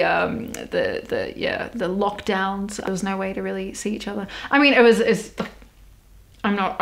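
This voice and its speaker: A woman's voice: medium pitch, creaky. A young Australian woman hosting her own podcast, talking candidly and swearing casually, with frequent laughter. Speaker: podcast host. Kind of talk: casual solo podcast chat.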